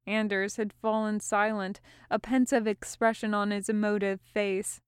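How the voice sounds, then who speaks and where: A woman reads a story aloud in calm, measured narration. Her voice is smooth, clear and slightly high, and she takes her time. The recording is close and dry. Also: dry recording. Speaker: audiobook reader. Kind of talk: scripted narration.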